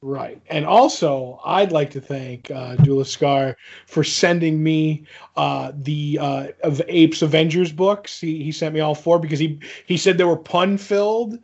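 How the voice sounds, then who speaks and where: Male podcast co-host, slightly high voice, joking and stammering, lo-fi sound. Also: a little slow, husky. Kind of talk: casual podcast chat.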